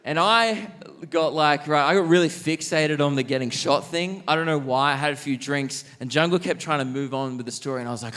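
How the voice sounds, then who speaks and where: A young Australian man telling a story as a stand-up comedian on a theatre stage, animated and self-mocking. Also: fairly high pitch, a little fast, smooth. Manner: animated, self-mocking, jumps into quoted voices.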